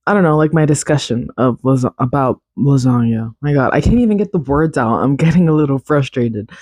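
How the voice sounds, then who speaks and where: A man's voice: medium pitch, darkish tone, dry recording. A young man hosting a solo podcast, chatting casually and rambling, correcting himself with little laughs. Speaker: podcast host.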